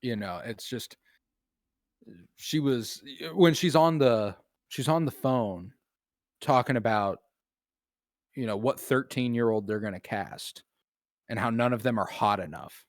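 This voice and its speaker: A man's voice: medium pitch, a little slow, pauses often, dry recording, studio quality. A man co-hosting a podcast, talking casually about films, loose and profane with lots of fillers. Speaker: podcast co-host. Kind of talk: casual film chat.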